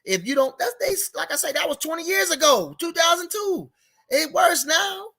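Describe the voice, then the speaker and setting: A man's voice: very high-pitched, big pitch swings, normal speed, gravelly, sharp tone. Rambling heated man talking boxing. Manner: rambling, repeats himself, gets heated and emphatic. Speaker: boxing commentary show host. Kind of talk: casual unscripted boxing talk.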